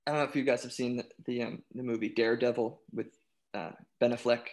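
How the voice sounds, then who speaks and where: A man chatting casually on a podcast, animated, often restarting his sentences and laughing. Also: medium pitch, fast talker. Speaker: panelist.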